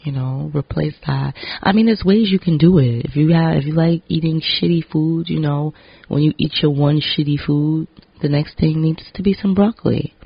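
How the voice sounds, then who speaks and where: A man with a raspy, gravelly voice, speaking to camera in a loose, candid vlog ramble. His language is blunt and sprinkled with swearing. The audio sounds a little dull and lo-fi. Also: a little high, normal speed, no room sound. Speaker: vlogger and actor. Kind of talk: casual vlog monologue.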